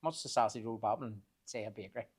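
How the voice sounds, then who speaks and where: Give me a man, cursing his way through lively stories in a casual chat. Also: fairly low pitch, quick pace, husky. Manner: swears freely, animated anecdotes. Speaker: podcast guest.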